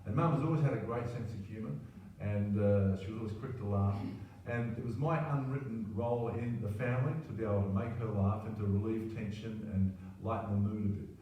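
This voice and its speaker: A man's voice: lowish voice, brisk, few pauses, highs cut off. An Australian man in his sixties telling a rambling, self-deprecating personal story, often tacking on "right?". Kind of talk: personal anecdote monologue. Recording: very roomy, distant mic, faint ambience.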